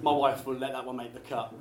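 A man doing a live stand-up routine, chatty and quick with apologetic asides to the crowd. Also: medium pitch. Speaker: stand-up comedian. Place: small theatre studio with a live audience. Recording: echoey live room, faint ambience.

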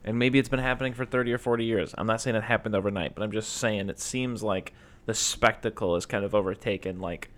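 A man with a fairly low voice chatting casually. He sounds wry and opinionated, and he tends to ramble and circle around a point before he lands it. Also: fairly even intonation, quick pace, few pauses. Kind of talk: casual chat.

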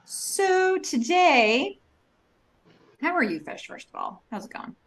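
A woman co-hosting a casual rewatch podcast, chatty and relaxed. She reads out episode details and talks things over at an easy pace in a voice of middling pitch. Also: fast, vocal fry. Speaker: podcast co-host. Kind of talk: casual chat.

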